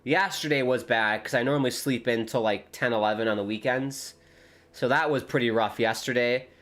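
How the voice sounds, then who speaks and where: A man speaking at a moderate pace in a medium-pitched voice rambles casually during a live football watchalong stream, breaking off for excited reactions to the game.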